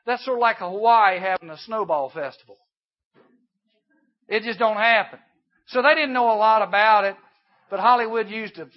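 Man, high voice, youth camp sermon, emphatic, dull lo-fi recording. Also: moderate pace. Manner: emphatic, swings from hushed to loud. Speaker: camp speaker.

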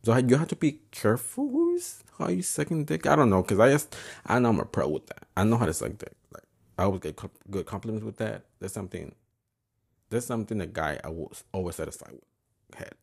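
Man, low voice, very animated pitch, frank crude casual storytelling, braces on his teeth. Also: fairly quick, vocal fry, husky. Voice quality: braces whistle in his speech. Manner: frank, crude, switches between English and Spanish. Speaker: podcast host.

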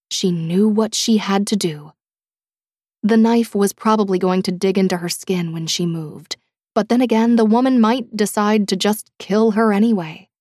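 A woman reading an audiobook in a measured, dramatic way, dropping to a hush at tense moments. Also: medium pitch, no room sound, clean studio sound. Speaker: audiobook narrator. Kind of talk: scripted audiobook narration.

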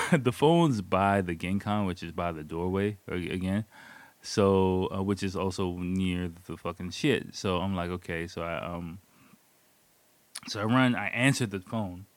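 A man with a deep voice casually recounts a personal story in a loose, profane way, frequently laughing as he speaks. The recording has no room sound.

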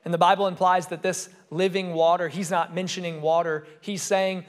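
A young adult man, a student pastor, preaching a sermon with emphatic, repeated phrases that rise and fall in loudness. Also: high voice, level tone, moderate pace, hardly any pauses.

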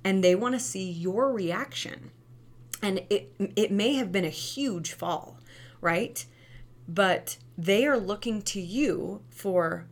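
A woman in her thirties, a former preschool teacher and mom, giving parenting tips in a chatty, animated way, often asking "right?". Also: mid-range voice, slow pace. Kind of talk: casual advice talk.

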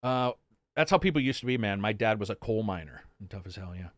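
A man's voice: on the low side, lively intonation, quick pace, no room sound, clean studio sound. A man hosting a casual gaming podcast stream, telling loose, profane stories with lots of laughs and asides. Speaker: podcast host. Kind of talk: casual live-stream chat.

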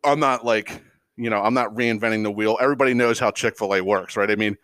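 A man's voice: on the low side, fast, a bit bright, clean tone, no room sound, studio quality. A man hosting a podcast, ranting casually and heatedly, swearing constantly and stammering when worked up. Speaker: podcast host. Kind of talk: casual profane rant.

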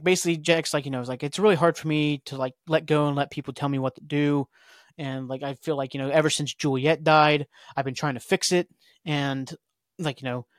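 A man's voice: a little high, no echo, clean studio sound. A man hosting a podcast, casually recapping a TV episode in a rambling, complaining way. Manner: rambling, complains and paraphrases scenes loosely. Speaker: podcast host.

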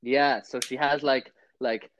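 A young man chatting casually as a podcast co-host, telling stories with laughs and animated quotes. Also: medium pitch, slow, lo-fi sound, a little hiss or hum. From Ireland. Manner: laughing storyteller, animated when quoting people. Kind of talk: casual chat.

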